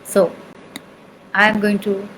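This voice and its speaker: A woman with an Indian accent teaches sound healing slowly and in a completely flat delivery, her medium-pitched voice fairly bright in tone. She demonstrates chants, repeats syllables patiently, and checks that the listener follows. The rough recording has a little hiss or hum.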